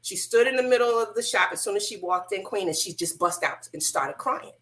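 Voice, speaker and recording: A middle-aged woman telling her story as a radio interview guest, animated and colloquial, acting out the voices of people she quotes. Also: medium pitch, brisk. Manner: casual, colloquial. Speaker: guest, hair loss practitioner.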